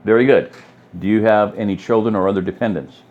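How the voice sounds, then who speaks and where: Efficient young woman aid worker, voiced by a man, businesslike, low voice lifted a little, muffled recording. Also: steady tone, fast, lightly acted. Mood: brisk. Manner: efficient, industrious.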